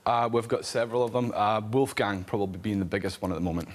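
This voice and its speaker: A man's voice: on the low side, fast. A man appearing on a TV court show, answering questions plainly about wrestling. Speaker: wrestling litigant.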